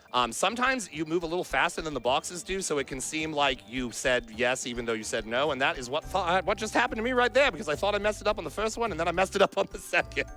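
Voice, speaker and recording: A man's voice: fairly high pitch, pushed and bright. A man giving chatty, playful commentary while speedrunning a game at a charity marathon. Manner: chatty, playful, self-deprecating. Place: marathon event stage.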